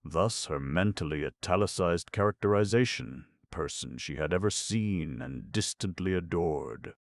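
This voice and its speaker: A man narrating an audiobook in a measured, expressive reading. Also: low-pitched, creaky, dry recording. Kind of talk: scripted narration.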